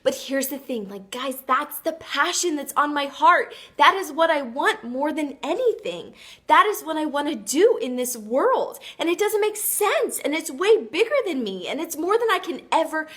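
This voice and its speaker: A woman's voice: high voice, expressive, normal speed, bright, forceful tone. A woman hosting a motivational live video, talking earnestly and emphatically and reading out viewer comments. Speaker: live stream host.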